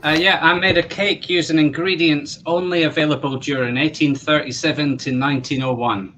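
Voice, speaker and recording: Bright-voiced man telling a pun. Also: fairly high pitch, fairly even intonation, a little fast, slight background noise. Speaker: pun contestant. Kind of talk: casual chat.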